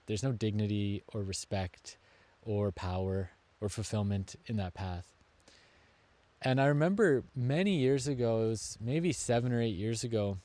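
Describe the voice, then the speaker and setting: A man giving a reflective motivational talk, earnest and deliberate, slowing down to lean on key words. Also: medium pitch, a little mellow, dry recording. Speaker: self-help speaker.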